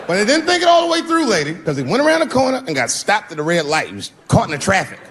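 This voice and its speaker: Animated male stand-up comic, live crowd. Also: high-pitched, fast talker. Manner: animated, acts out characters, profane. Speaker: stand-up comedian. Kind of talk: stand-up storytelling. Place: comedy venue with live audience. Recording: live show recording with audience noise.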